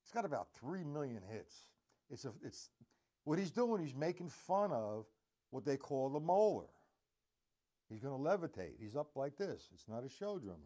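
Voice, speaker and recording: A man's voice: medium pitch, very animated, normal speed, dark tone. A man teaching a live drum lesson, rambling between points and counting beats aloud as he plays.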